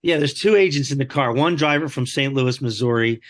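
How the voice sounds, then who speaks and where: A man's voice: medium pitch, fairly quick. A man, a podcast guest, telling a story animatedly and acting out quoted lines. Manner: animated, acts out quoted dialogue. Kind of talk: storytelling in conversation.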